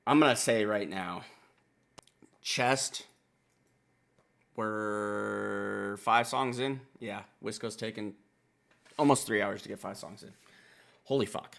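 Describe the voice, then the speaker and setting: A man's voice: lowish voice, takes it slowly, gravelly, pauses often, fairly bright tone. A man hosting a music reaction video, talking in a laid-back, rambling and profane way. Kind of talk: casual album reaction commentary.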